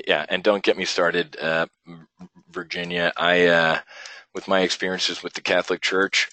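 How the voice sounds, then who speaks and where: A man's voice: deep voice, level tone, a little slow, sharp tone, no room sound, rough recording. A man running a live options trading webinar, talking bluntly and rambling with some profanity as he works through trades on screen.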